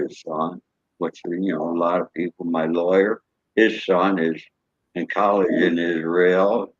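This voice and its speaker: A man's voice: deep voice, highs cut off. An older man, a show guest, telling folksy stories and acting out cheerful greetings in a raised voice. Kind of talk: storytelling.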